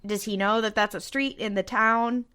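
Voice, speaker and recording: A woman's voice: medium pitch, fairly even intonation, moderate pace, sharp tone, clean tone. A young woman co-hosting a casual podcast, recapping a TV episode in a rambling way, laughing often and acting out the characters' lines. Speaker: podcast co-host.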